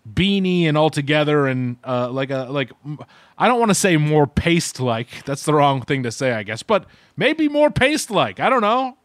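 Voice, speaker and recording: A man's voice: on the high side, dry recording, studio quality. A man co-hosting a podcast, giving a rambling, meandering casual food review. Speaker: podcast co-host. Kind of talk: casual chat.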